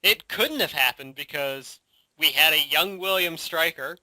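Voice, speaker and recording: Bright-voiced man on a dry mic. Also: fairly high pitch, unhurried, no room sound. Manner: laughs often, lots of fillers and agreeing murmurs. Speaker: podcast co-host. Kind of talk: casual chat.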